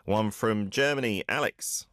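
Very deep-voiced man hosting a language show. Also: a bit bright. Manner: encouraging, explains pronunciation slowly. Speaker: host of a Korean learning show. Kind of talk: friendly radio-style language lesson chat.

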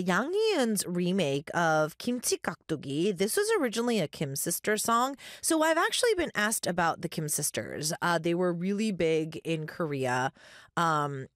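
A woman's voice: medium pitch, no room sound, studio quality. A woman hosting a radio show, chatting casually and reading listener messages with many fillers. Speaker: radio host.

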